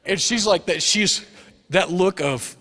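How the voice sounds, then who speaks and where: Pastor in his forties, preaching with a lively, joking storyteller's touch; voice sits a bit high and rings out in a reverberant church hall. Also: slow pace. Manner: storytelling with humor, acts out quoted voices. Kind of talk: sermon. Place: church sanctuary.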